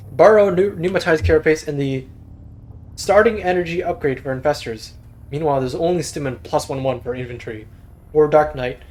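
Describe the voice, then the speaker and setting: A man's voice: on the high side, darkish tone. A young man giving casual, self-deprecating solo commentary on a strategy game replay. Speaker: game caster.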